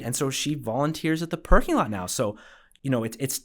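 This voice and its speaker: A man's voice: medium pitch, big pitch swings, a little fast, fairly bright tone. A man, a radiologist guest, telling stories in a casual podcast chat with lots of fillers and restarts. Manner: chatty storyteller, many fillers and restarts.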